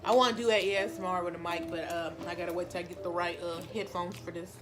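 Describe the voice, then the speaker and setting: A woman's voice: on the low side, steady tone, fast talker. Woman vlogger, rambling home mukbang chat on a phone mic, music under it. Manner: chatty and rambling. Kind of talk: casual eating vlog chat.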